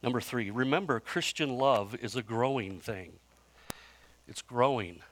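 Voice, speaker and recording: A man's voice: medium pitch, a little slow, fairly bright tone, a little hiss or hum. A man in his fifties preaching a sermon in a conversational storytelling way, with self-mocking humor and frequent restarts. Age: 50s. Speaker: pastor.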